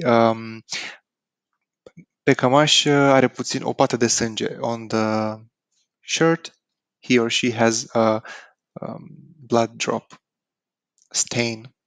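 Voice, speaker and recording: A man with a Romanian accent, a native Romanian speaker, teaching vocabulary in an informal lesson, slow and halting with many ums and uhs. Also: medium pitch, dry recording. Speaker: language teacher.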